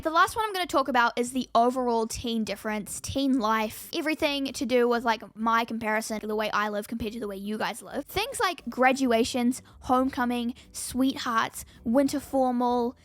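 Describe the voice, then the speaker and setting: A woman's voice: a little high, moderate pace, few pauses, no echo, faint music behind. Chatty New Zealand teenage girl. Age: teens. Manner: lively, chatty, many "like" fillers. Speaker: vlogger. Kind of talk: casual chat to camera.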